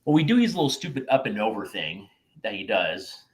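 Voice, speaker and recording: A man with a lower voice tells a story from his past on a podcast. He swears freely and acts out both sides of old conversations, in a loose, chatty way. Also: a little fast. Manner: animated, profane anecdote-telling with acted-out quotes. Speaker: podcast co-host, former wrestler. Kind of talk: casual storytelling chat.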